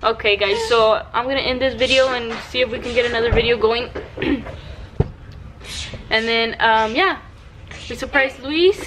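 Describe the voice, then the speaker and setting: A woman's voice: on the high side, moderate pace, long pauses. A woman and mother chatting casually to the camera in a home vlog, coaxing her child to talk to the viewers. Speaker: mother and family vlogger. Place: at home, indoors. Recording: noisy home video recording.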